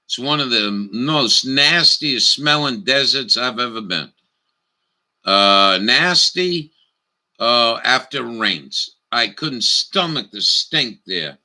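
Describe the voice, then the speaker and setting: Slow, ranting, profane man. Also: mid-range voice, expressive, sharp tone. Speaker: vlogger. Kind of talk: profane storytelling rant. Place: camper.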